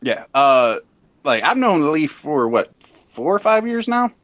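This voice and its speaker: A man's voice: a little high, very animated, a little slow, fairly bright tone, highs cut off. A man in casual livestream chat, teasing and laughing, with mock-religious jokes. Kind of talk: crude joking livestream chat.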